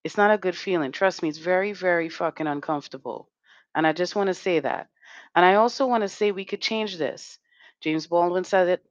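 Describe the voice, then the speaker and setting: An emphatic woman hosts a live online talk show, her voice lowish and forceful. She swears freely and keeps tagging her points with "right?". The sound is muffled and dry. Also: fairly quick, no room sound. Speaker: host.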